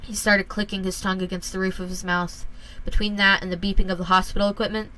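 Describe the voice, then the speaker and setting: A woman reading a first-person horror story aloud in a calm, measured way. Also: mid-range voice, noisy background.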